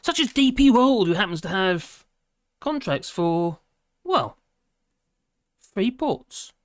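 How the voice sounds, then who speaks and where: With a very animated but slow delivery at a mid-range pitch, this British host reads out viewer comments on a live stream and hums between them. The sound is clean and studio quality, without any echo.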